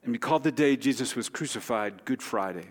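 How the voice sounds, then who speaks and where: A man preaching in a church sanctuary, his voice carrying a long hall reverb. He talks in an easygoing, conversational way with touches of humor. His pitch sits in an ordinary middle range. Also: animated, a little fast. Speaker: pastor. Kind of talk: sermon.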